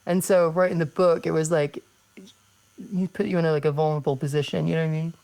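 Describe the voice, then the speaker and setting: A woman's voice: sits low, flat delivery, fast talker, vocal fry, dark tone. A woman with an English accent in her thirties, hosting a casual chat, blunt and laid-back, swearing freely. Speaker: podcast host and wrestler.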